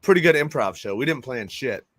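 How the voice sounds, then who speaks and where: A man's voice: medium pitch, animated, brisk, fairly bright tone, dry recording. A man hosting a casual morning show, chatting loosely and laughing often as he recaps sports scores. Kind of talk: casual chat.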